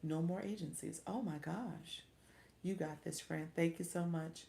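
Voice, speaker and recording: A woman's voice: lowish voice, a little slow, creaky, dark tone, a little hiss or hum. A middle-aged woman, chatting casually on a livestream as a coach and often laughing with viewers. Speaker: live coach.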